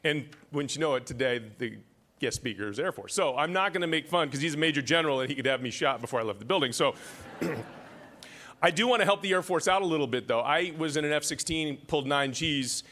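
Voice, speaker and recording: A man emceeing an award ceremony from the podium, his voice bright and a little high for a man. He keeps teasing the crowd with quick jokes, sounding middle-aged and at ease on stage. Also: lively intonation. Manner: joking, teasing the audience. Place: large hall at an award ceremony.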